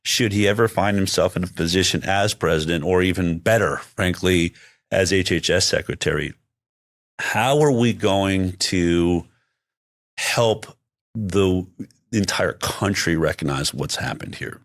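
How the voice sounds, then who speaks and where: A man's voice: deep voice, unhurried, dry recording, clean studio sound. A man speaking as an interview guest in casual conversation, emphatic and often restarting his sentences.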